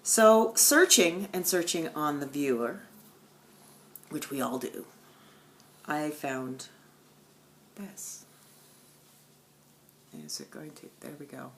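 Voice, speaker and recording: A woman with a notably low voice chats at home about her stitching projects. She tells her stories with animated swings, jumping from loud bursts to hushed, near-whispered asides. The talk is casual and chatty. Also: slow pace, long pauses, slight background noise. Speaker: stitching vlogger. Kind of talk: casual chat.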